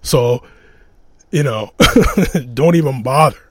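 Male podcast host, mid pitch, casual rambling storyteller, close dry mic. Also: takes it slowly, slightly rough, no echo. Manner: rambling, laughs often, restarts.

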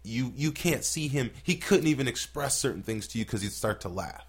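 A slightly rough, mid-range male voice talks a little fast as this comedian tells podcast stories. He swears liberally and brings people's remarks to life by acting them out in lively, profane fashion.

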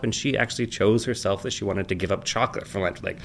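A man in his thirties chatting casually and rambling, telling family stories with animated, high-pitched quoted voices. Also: quick pace, a little hiss or hum. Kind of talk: casual chat.

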